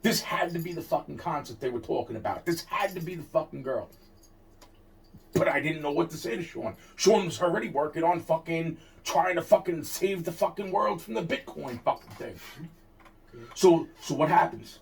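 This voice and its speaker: Recorded on a distant mic, a man tells a personal story as a heated, profane rant, repeating himself and restarting often. His voice is a little high, expressive, and creaky, at a moderate pace.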